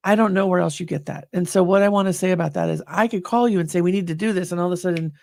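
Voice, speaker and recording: A woman's voice: fairly low pitch, very fast, gravelly, a little mellow, no room sound, clean studio sound. A woman co-hosting a candid podcast conversation, talking with effusive, emotional enthusiasm. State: slightly choked up. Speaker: podcast co-host.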